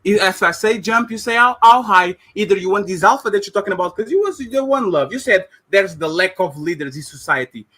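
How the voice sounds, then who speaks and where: A man argues insistently in a heated panel debate. His voice sits high for a man and sounds bright and sharp, and he keeps pressing his point. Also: animated, a little fast, hardly any pauses, husky. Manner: argumentative, insistent.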